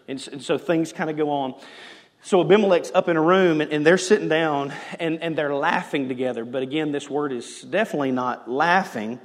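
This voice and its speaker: Animated preacher in an echoey hall. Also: male voice, a little high, a little fast. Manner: animated, shifting from loud emphasis to hushed. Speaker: pastor. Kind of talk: sermon.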